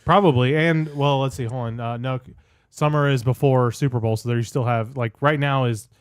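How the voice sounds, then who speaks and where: A man's voice: medium pitch, steady tone, normal speed, clear, resonant tone, no room sound, studio quality. A man hosting a podcast, steering the casual chat with many ums and restarts. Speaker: podcast host.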